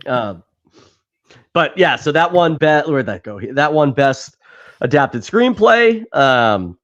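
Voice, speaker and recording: A man's voice: fairly high pitch, big pitch swings, slow. Rambling New man, lo-fi mic. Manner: rambling, laughs often, swears casually. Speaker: podcast host. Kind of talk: casual chat. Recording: dull lo-fi sound.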